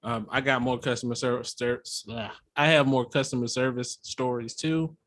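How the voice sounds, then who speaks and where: A man in his thirties chatting easily on a casual podcast, with offhand swearing. His voice is at a plain middle pitch. The sound is close and dry. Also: fairly even intonation, normal speed, a bit bright, dry recording. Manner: laid-back, conversational, casual swearing. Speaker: podcast co-host. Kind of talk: casual chat.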